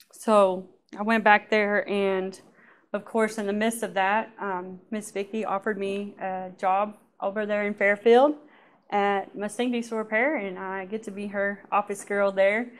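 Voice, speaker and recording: A woman giving a lively personal testimony at church, often laughing and acting out what people said. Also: medium pitch, unhurried.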